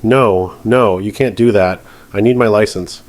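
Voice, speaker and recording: A man's voice: on the low side, measured pace, a little mellow, natural voice. A man voicing a spoiled, entitled rich young woman who screams defiantly in a courtroom story. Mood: furious screaming.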